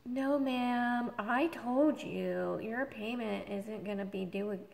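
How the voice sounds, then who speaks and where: A woman voicing a tired, rude female phone agent who talks in a slow, dismissive drawl, recorded in a room with long reverb. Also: a little high, vocal fry, a little mellow.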